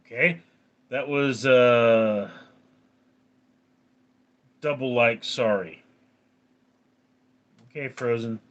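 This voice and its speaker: A tired, yawning man hosting a casual livestream, talking in a drowsy, halting way and greeting viewers by name. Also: sharp tone, lo-fi sound. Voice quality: drowsy, low-key. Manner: slow, halting, reads out viewer names. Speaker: livestream host.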